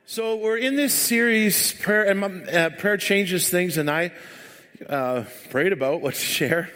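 Church speaker, man, high voice, rambling and joking, long hall reverb. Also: slow pace, sharp tone, soft background music. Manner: rambling, joking, filler-heavy. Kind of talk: sermon with casual storytelling.

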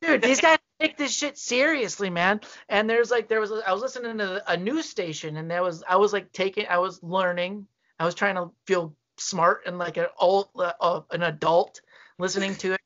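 A man's voice: sits high, normal speed, a bit bright. Rambling young man saying "dude" a lot. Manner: rambling, profane, lots of "dude". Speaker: podcast co-host. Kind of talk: casual chat. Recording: lo-fi dull audio.

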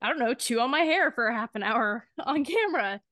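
A woman hosting an interview, chatting in an excited way. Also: on the high side, brisk, dry recording, clean studio sound. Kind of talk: casual interview chat.

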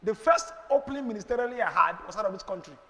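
Nigerian pastor guy preaching, emphatic and rhetorical, sharp bright tone, echoey church hall. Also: sits high, expressive, fast talker. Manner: emphatic, rhetorical, preacherly, with sudden loud bursts. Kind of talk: sermon answering questions.

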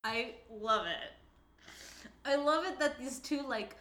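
Bright woman in an echoey room. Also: sits high, slow. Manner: animated, heavy use of "like". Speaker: podcast co-host. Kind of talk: casual chat.

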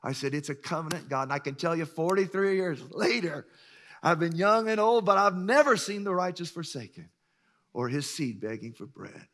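A pastor in his sixties preaching a sermon, emphatic and swinging between loud bursts and hushed lines. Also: on the high side, lively intonation, normal speed. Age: 60s.

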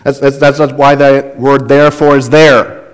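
A man's voice: mid-range voice, little pitch movement, measured pace, smooth, in a large hall. A man preaching a sermon as a pastor, earnest and conversational, often repeating phrases for emphasis.

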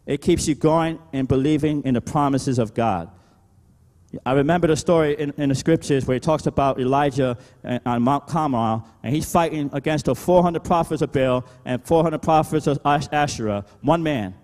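A male pastor preaching a sermon, calling out "Amen?" to the congregation and swinging between loud emphatic exhortation and quieter talk. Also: medium pitch, normal speed, long reverb tail. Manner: preaching with call-and-response "Amen?".

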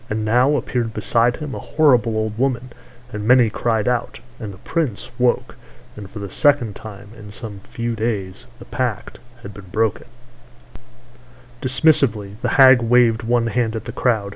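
A man narrating a fairy tale in a steady, measured storytelling manner. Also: medium pitch, rough recording.

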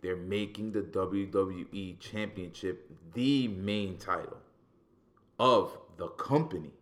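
A man with a somewhat low voice chats casually as a podcast co-host. He gets animated and profane, restarting phrases as his excitement builds. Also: slow. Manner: animated, profane, repeats words when excited. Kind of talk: casual wrestling talk.

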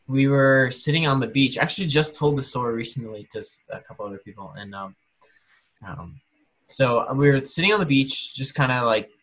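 A man with a bright, slightly tense voice co-hosts a casual podcast chat. He rambles loosely through a story, full of fillers, and slips into imitations of the people in it. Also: medium pitch. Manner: relaxed storytelling with fillers and mimicry. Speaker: podcast co-host.

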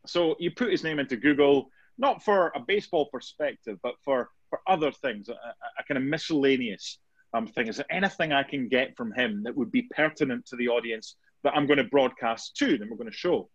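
A man's voice: medium pitch, fairly quick, husky, no echo. A man, a sports reporter guest telling anecdotes in a casual interview, with many restarts. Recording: dull dry lo-fi sound.

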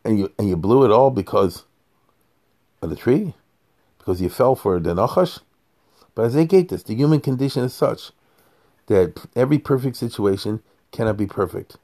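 Older man, rabbi, low voice, rambling informal talk, blunt, checks listeners. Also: a little mellow. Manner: rambling, blunt, peppered with Hebrew and Yiddish terms; asks "you understand?" to check listeners.

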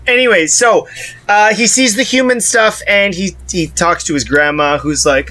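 A man's voice: sits high, normal speed, bright, forceful tone. A man co-hosting a podcast, recapping a movie with sarcastic, profane casual chat. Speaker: podcast co-host.

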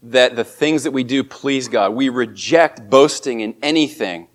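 A man preaching a sermon as a pastor, speaking earnestly and lifting his voice on emphatic lines. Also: measured pace. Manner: earnest, rises in pitch and volume on emphatic quotes.

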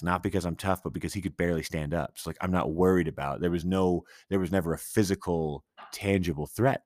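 A man hosts a podcast solo, telling a story casually and rambling with many restarts while swearing and sounding incredulous. The recording is studio quality with no echo, and his voice is low.

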